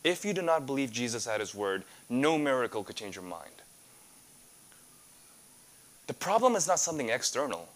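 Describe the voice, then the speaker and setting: A man's voice: mid-range voice, sing-song, moderate pace, pauses often. A man preaching a sermon as a pastor, earnest and full of rhetorical questions.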